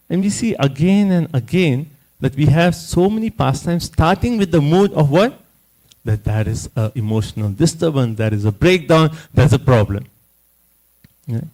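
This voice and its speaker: Animated man telling a scripture story. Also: on the high side, a little fast, low-quality recording. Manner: animated storytelling with frequent "you know" and "right?". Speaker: class speaker at a temple. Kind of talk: scripture class lecture.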